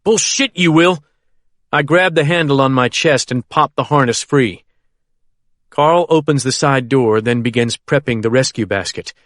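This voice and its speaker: A man narrating a first-person thriller audiobook in a steady, measured way. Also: medium pitch, no echo, clean studio sound.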